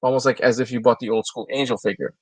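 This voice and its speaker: A man's voice: medium pitch, steady tone, fast, no room sound, rough recording. Chatty man on a dry mic. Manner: chatty, enthusiastic, loose and rambling. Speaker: co-host of a toy news livestream. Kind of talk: casual chat.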